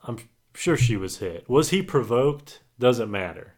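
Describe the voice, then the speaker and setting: A man's voice: medium pitch, expressive, a little slow, slightly rough. A man co-hosting a podcast, talking sports in a rambling, hesitant way with many fillers. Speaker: podcast co-host. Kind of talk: casual sports chat.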